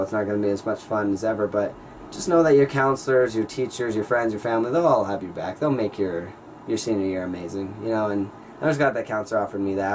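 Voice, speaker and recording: A teenage male high school senior telling a rambling, excitable story in a casual vlog, full of "like" and "you guys.". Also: far from the mic, a little hiss or hum, poor audio. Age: teens. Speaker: vlogger.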